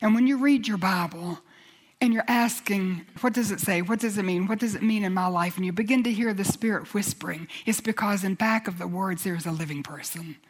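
A woman's voice: mid-range voice, fairly quick. An earnest woman delivering a sermon in a mid-range voice. She drops to near-whispers for tender points and lifts her voice to urge and exhort. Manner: earnest, swings from hushed to rousing. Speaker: preacher.

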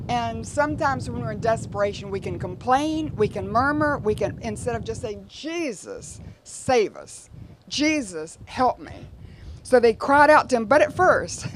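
A woman's voice: fairly high pitch, a little hiss or hum. Woman preaching a conversational sermon. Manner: conversational preaching with rhetorical asides.

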